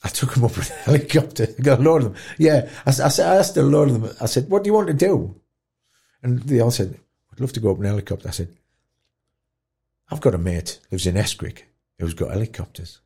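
A man telling an emotional story, animated and dropping to a hush at tender moments. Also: mid-range voice, fast, vocal fry, breathy edge. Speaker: guest musician in care.

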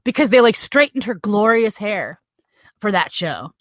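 A woman's voice: mid-range voice, very animated, a little slow, no room sound. A woman co-hosting a podcast in casual chat, giggly and teasing. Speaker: podcast co-host.

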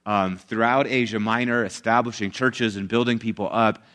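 A man delivers a sermon in a loose, conversational manner, paraphrasing scripture with animated asides. His voice sits on the lower side. A long reverb from the church hall trails each phrase. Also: moderate pace. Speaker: pastor.

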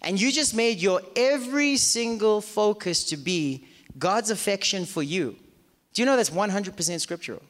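Preaching to a live congregation in a church auditorium, this pastor speaks at a moderate pace in a high, animated, fairly bright voice. He throws rhetorical questions at the crowd and voices their doubts as if quoting them, all echoing through a reverberant hall.

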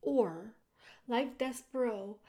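A woman reading a children's book aloud chapter by chapter, in an expressive way that speaks directly to the listener. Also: fairly high pitch, slow pace. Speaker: storyteller.

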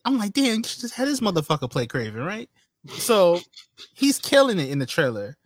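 A man with a high voice that swings widely as he rants and laughs through casual podcast banter. The sound is dry and close, with no room around it. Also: fairly quick, no room sound. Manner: animated, laughing, exasperated ranting. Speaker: podcast co-host.

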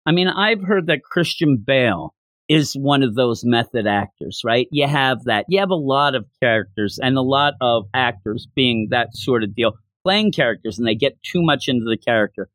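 A man hosting a podcast, recapping a comic-book chapter with animated storytelling. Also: mid-range voice, normal speed, dry recording, clean studio sound. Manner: animated storytelling, acting out lines. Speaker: podcast host.

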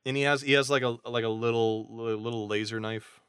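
A man co-hosting a podcast, casually retelling a novel's plot with quick voiced asides. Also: mid-range voice, steady tone, fairly bright tone, clean tone, no room sound, studio quality. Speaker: podcast co-host recapping a novel. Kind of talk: casual chat.

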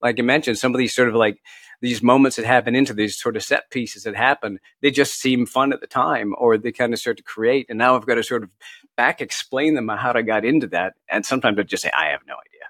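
A man's voice: medium pitch, brisk, a bit bright, no room sound. A middle-aged man, an author guest in a casual interview, chatty and self-deprecating, laughing often as he tells anecdotes. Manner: tells anecdotes with quoted asides.

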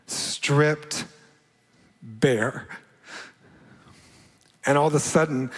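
A man giving a personal testimony sermon, telling his story with his voice climbing high as he acts out his own past words. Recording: long hall reverb.

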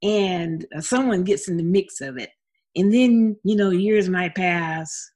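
A woman singer chatting casually as an interview guest, expressive and talkative. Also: on the low side, a little slow. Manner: expressive and chatty, with frequent laughs.

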